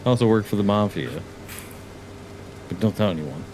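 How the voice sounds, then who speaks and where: A man's voice: on the low side, lively intonation, moderate pace, a little mellow, a little hiss or hum. A man in his thirties chatting casually while gaming, with dry, easygoing banter.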